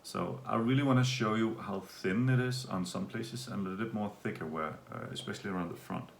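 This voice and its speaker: A man from Denmark talks through a casual video update in a loose, rambling way. His voice sits low and has a gravelly edge. He is recorded in an echoey room with a faint hum of ambience behind him. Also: a little fast. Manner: relaxed, rambling, with fillers. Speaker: vlogger.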